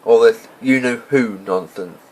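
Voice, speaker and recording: A man voicing a stern, impatient older woman professor in an amateur audiobook reading, speaking in a brisk, clipped and exasperated way. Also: medium pitch, darkish tone, natural voice, poor audio.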